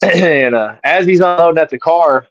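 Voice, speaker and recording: A man's voice: fairly high pitch, normal speed, no echo. A middle-aged man, an interview guest, casually telling a story and animatedly acting out his own lines. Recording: dry, slightly dull sound.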